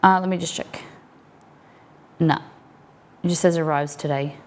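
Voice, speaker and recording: An Australian woman streaming live as she cooks at home, chatting to herself and her ingredients and breaking into excited squeals. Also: low voice, measured pace. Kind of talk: casual live-stream cooking chat. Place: home kitchen.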